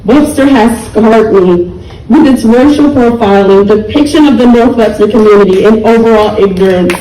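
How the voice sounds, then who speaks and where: A woman's voice: a little high, moderate pace, warm tone, reverberant, recorded from a distance, slight background noise, poor audio. A young woman giving an earnest, emotional public speech, pleading and heartbroken. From United States. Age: young adult. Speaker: speaker at a community rally.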